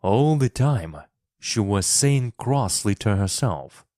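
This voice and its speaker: Slow, low-voiced male storyteller. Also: dry recording, studio quality. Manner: expressive, clearly paced reading. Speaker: storyteller and English teacher. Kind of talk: scripted narration for English learners.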